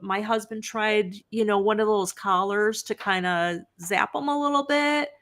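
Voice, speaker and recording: Woman guest author, lively, laughing, chatty storytelling, video call. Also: medium pitch, measured pace. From Upper Midwest United States. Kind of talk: casual storytelling.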